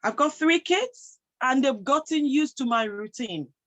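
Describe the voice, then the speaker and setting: A woman who is a motivational speaker and health professional addresses an audience emphatically, posing rhetorical questions and answering them herself. Her voice is high, with lively intonation and a measured pace, and the audio sounds dull.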